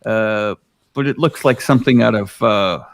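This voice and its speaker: A man's voice: fairly low pitch, moderate pace, no room sound, studio quality. A man hosting a live stream, rambling with many fillers and enthusiasm in casual chat. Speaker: live stream host showing aerial footage.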